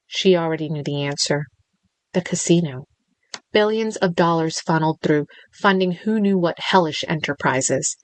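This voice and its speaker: A woman reading a thriller audiobook in a measured, steady narration. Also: low voice, no echo, poor audio.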